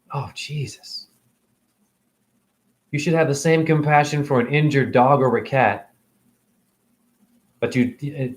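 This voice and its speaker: A man holding a rambling, emotional spiritual monologue as host of his own stream, preaching at times and dropping into hushed whispers. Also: mid-range voice. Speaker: livestream host.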